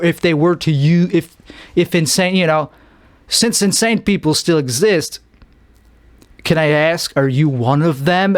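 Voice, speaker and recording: A man's voice: fairly high pitch, no echo, studio quality. A man hosting his own podcast, rambling jokily through a solo monologue and acting out lines in put-on voices. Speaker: podcast host.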